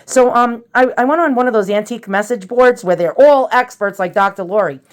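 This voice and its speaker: A woman's voice: a little high, fairly quick. Rambling, chatty woman vlogger. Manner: rambling and chatty, with many fillers and restarts; self-deprecating and nervous. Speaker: antiques vlogger. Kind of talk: casual show-and-tell vlog.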